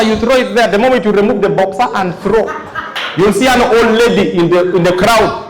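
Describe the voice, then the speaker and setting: A man doing stand-up comedy in front of a live audience, telling animated stories and acting out his characters. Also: high-pitched, fairly quick. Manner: animated storytelling, acts out characters. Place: large live venue. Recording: echoey hall, loud crowd laughter.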